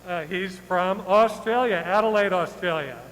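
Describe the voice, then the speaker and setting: A man introduces visiting guests at a club meeting, his voice high and loud. The sound rings in a long hall reverb with a faint noise underneath. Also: moderate pace. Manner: loud and chatty.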